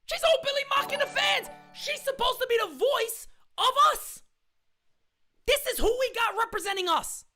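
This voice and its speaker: Fiery high-pitched woman ranting. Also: normal speed, faint music behind. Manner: fiery, profane, repeats lines for emphasis, often shouting. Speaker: host of a fan live stream. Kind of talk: heated live-stream rant.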